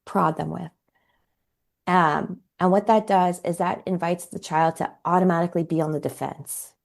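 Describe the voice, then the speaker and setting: Give me a woman in her forties, a parenting coach, animated and expressive, slightly low-pitched. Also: moderate pace, gravelly. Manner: animated, acts out quoted dialogue. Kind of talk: podcast interview storytelling.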